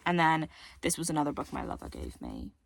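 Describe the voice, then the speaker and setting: Rambling teen girl with a gravelly voice. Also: low voice, huge pitch swings, a little fast, noisy background. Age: teens. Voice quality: voice cracks. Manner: rambling, self-deprecating, many "like" and "um" fillers. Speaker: book vlogger. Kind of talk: casual chat to camera.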